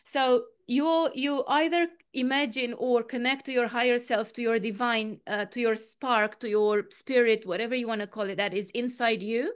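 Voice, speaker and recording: A woman coach leading a guided meditation over a video call, with calm, repetitive, step-by-step instructions. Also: a little high, moderate pace, few pauses, clear, resonant tone. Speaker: quantum coach and healer, guest speaker. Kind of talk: guided meditation in an online talk.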